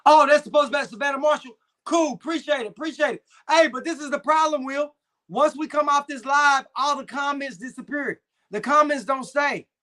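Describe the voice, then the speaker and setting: A young adult man hosts a live stream with an extremely high, sharp-toned voice. He chats casually in slang, reads viewer comments, and keeps the banter laid-back with lots of fillers.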